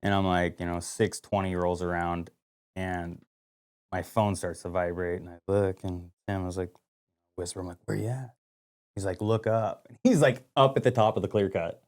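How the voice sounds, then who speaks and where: A man co-hosting a podcast, telling a hunting story in casual chat, animated and full of "like" and acted-out dialogue. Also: low-pitched, normal speed. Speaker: podcast co-host.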